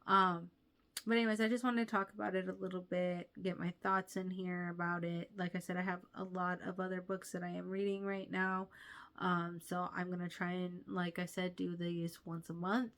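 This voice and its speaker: A woman's voice: on the low side, little pitch movement, moderate pace, fairly bright tone. A young woman hosting a casual book review vlog, gushing and chatty with many fillers.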